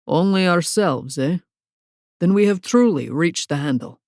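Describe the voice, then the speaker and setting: A woman voicing a terse, brooding foreign man, a hockey goalie, with a low, gruff voice, a foreign accent and blunt, oddly literal phrasing. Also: lively intonation, a little slow, darkish tone, no echo, clean studio sound. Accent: foreign, non-American.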